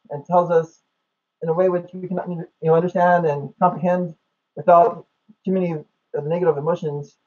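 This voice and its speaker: Guy chatting about comedy, kinda high and mellow, lots of uh and you know, muffled lo-fi sound. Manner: rambling, with many fillers. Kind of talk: casual conversation about comedy. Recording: dull lo-fi recording.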